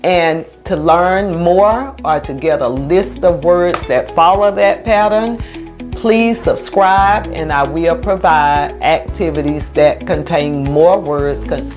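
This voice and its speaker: A woman special education teacher explaining a reading lesson in a patient, steady way, stretching out example words. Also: low voice, slow pace, music in the background.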